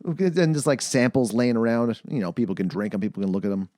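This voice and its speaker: A man's voice: mid-range voice, lively intonation, warm tone, no room sound, clean studio sound. A man co-hosting a casual movie podcast, joking and laughing as he recaps scenes. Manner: jokey, laughs often, does quick voices for characters. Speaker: podcast co-host. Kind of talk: casual movie review chat.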